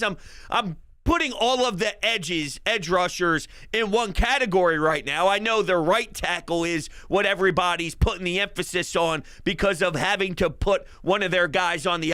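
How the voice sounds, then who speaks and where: A man hosting a sports show, talking as a hyped fan who rambles, jokes and breaks into shouted bursts. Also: high voice, clean tone, dry recording. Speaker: sports podcast host. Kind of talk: excited sports talk monologue.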